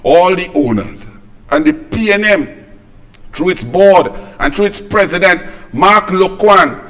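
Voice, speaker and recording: Fiery high-voiced Trinidadian man. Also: sing-song, measured pace, fairly bright tone, rough recording. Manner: indignant, rhetorical, mocking. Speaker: political commentary host. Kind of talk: fiery political commentary.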